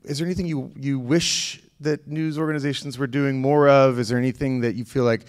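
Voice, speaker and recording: A man moderating a live panel, his voice in an ordinary middle register. He asks long, winding questions, pausing and restarting as he works out what he wants to say. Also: mid-range voice, steady tone, darkish tone. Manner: halting, thinks aloud with many restarts. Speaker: panel moderator, history professor. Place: church hall.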